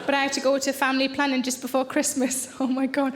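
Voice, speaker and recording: Bawdy woman comedian, high voice. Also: monotone, fast, some chatter behind. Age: 30s. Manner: chatty, bawdy storytelling. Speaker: stand-up comedian. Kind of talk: stand-up comedy. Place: large theatre with audience. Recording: echoey theatre, audience noise.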